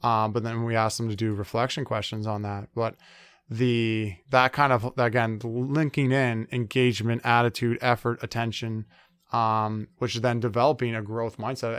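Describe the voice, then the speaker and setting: Smooth-voiced man, hesitant explainer. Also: medium pitch, level tone, normal speed, a bit bright, dry recording. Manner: hesitant, many fillers, acts out quoted complaints. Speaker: sport psychologist guest. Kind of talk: conversational interview.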